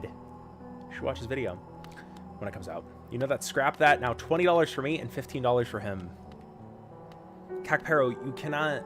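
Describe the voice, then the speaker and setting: A man's voice: medium pitch, expressive, moderate pace, pauses often, a bit bright, faint music behind. American man streaming a game, teasing chat. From United States. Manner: joking, teasing banter with chat, often trailing off into fillers. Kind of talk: live-stream chat while gaming.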